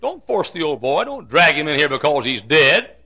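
A man preaching a fiery sermon, swinging from shouts to hushed asides. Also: fairly high pitch, big pitch swings, moderate pace, vocal fry, slightly rough. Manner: fiery preaching with sudden shouts and drops to quiet. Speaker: pastor.

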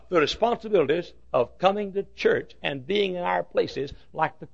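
A man preaching a fiery sermon, swinging from shouts to hushed asides. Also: sits high, animated, moderate pace, gravelly, hardly any pauses, breathy edge. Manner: fiery preaching with sudden shouts and drops to quiet. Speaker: pastor.

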